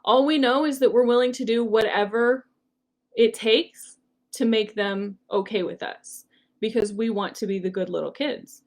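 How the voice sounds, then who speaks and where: A woman's voice: fairly high pitch, normal speed, darkish tone. A woman hosting a solo podcast, talking in an earnest, conversational way with frequent "like" and "um". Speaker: podcast host.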